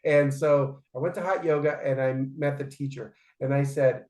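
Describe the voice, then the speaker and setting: A man's voice: medium pitch, little pitch movement, moderate pace, few pauses, a little mellow. A man in his forties, a podcast guest, telling stories emphatically and often checking in with "right?". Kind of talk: casual interview storytelling. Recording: roomy echoey room.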